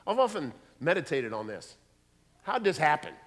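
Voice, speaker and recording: Animated preacher man in a reverberant hall. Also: on the high side, normal speed. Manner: animated, acts out voices in quotes. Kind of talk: sermon.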